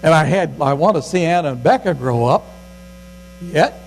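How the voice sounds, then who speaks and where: An older man delivers a sermon in a high, folksy voice and acts out the scripture quotes. A faint mains hum runs under the recording. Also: expressive, normal speed, gravelly, low-quality recording. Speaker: pastor.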